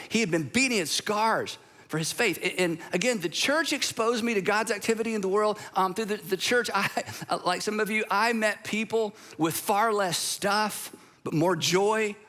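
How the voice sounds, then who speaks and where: A man's voice: sits high, sharp tone. A man, preaching a sermon as a pastor, telling stories in a conversational way with asides.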